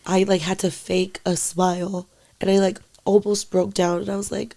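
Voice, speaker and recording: A young woman co-hosting a casual podcast, speaking haltingly with lots of "like" and swearing, quiet and emotional, at times dropping to near-whispers. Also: medium pitch, level tone, creaky. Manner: halting, full of "like" and frequent swearing. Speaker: podcast co-host.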